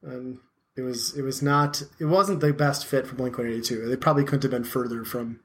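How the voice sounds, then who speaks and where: A man's voice: mid-range voice, steady tone, brisk, a bit bright, a little hiss or hum. A man in his thirties hosting a casual podcast chat, rambling and self-deprecating with plenty of filler words. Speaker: podcast host.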